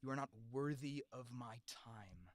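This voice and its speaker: A voice actor playing an arrogant self-proclaimed god who speaks of humans with low, hushed contempt, in an audition clip. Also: measured pace, no echo, lightly acted. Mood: cold contempt.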